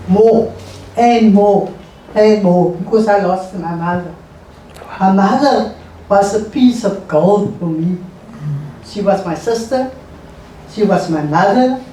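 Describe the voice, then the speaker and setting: A middle-aged woman, an interview guest telling her life story in a halting, emotional way and repeating phrases. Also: medium pitch, dark tone. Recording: echoey room, voice far from mic, faint noise.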